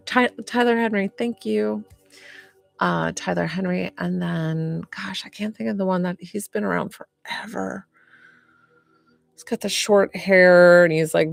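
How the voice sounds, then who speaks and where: A woman's voice: on the low side, gravelly, dry recording. A young woman from upstate New York, a medium chatting casually on a live stream, rambling and answering viewer comments.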